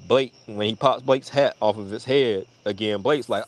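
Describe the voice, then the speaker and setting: A man casually telling a long personal story, full of swearing, who jumps to a much higher voice when quoting people. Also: moderate pace, hardly any pauses. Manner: profane, animated retelling with high-pitched voices for quoted people. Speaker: storyteller on a live audio chat.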